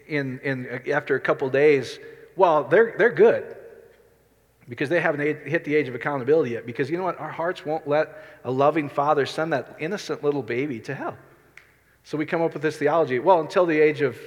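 A middle-aged man preaching a sermon as a pastor, talking conversationally and asking the congregation questions. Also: a little high. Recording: reverberant hall.

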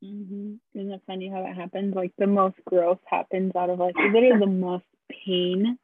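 Brief: woman, husky voice, encouraging podcast co-host, tinny recording. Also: medium pitch, level tone, normal speed, no echo. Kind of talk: casual chat.

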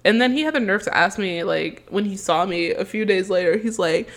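A young woman co-hosting a podcast, telling a dating story in a casual, animated way, acting out the quotes and laughing often. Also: mid-range voice, a little fast. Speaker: podcast co-host.

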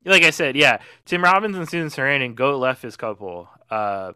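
A man's voice: mid-range voice, big pitch swings, normal speed, bright, forceful tone, clean tone, dry recording, studio quality. A man in casual podcast chat, chatty and full of fillers. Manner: chatty, filler-heavy, pop-culture comparisons. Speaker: podcast panelist.

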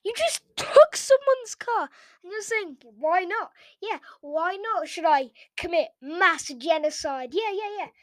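A woman's voice: very high-pitched, animated, a bit bright, no room sound. An English woman hosting a reaction video, ranting casually in a sarcastic, mocking way. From England. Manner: sarcastic and mocking, quick rants.

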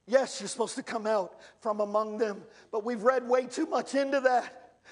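A male pastor preaching an impassioned sermon in church, rising to shouts and calling out to the congregation. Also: very high-pitched, steady tone, moderate pace.

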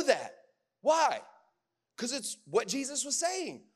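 Man, preacher, high voice, casual sermon, animated, filler words. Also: slow, slightly rough. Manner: animated, swinging from loud bursts to hushed lines.

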